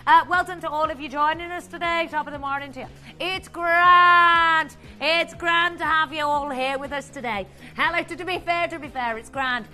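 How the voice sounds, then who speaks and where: Cheery fake-Irish woman greeter, high and bright, played by a woman. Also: fairly even intonation, moderate pace, soft background music. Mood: jolly. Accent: put-on Irish.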